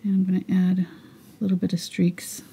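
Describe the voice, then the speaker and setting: Husky woman losing her voice. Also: lowish voice, moderate pace. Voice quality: husky, gravelly. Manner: quiet, relaxed, muttering as she paints. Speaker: painting instructor. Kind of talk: live painting tutorial.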